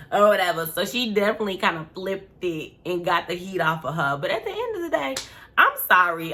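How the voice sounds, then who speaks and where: A woman's voice: on the low side, a bit bright. A woman casually recapping a reality show episode, opinionated and slangy, full of fillers and asides.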